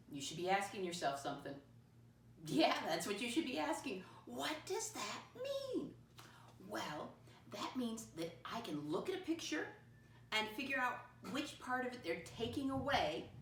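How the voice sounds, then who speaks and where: A woman teaching first graders, patient and teacherly, spelling words out slowly and calling her listeners "my friends". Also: mid-range voice, a bit bright. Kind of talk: recorded classroom lesson for young children. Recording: roomy, voice from a distance, faint background noise.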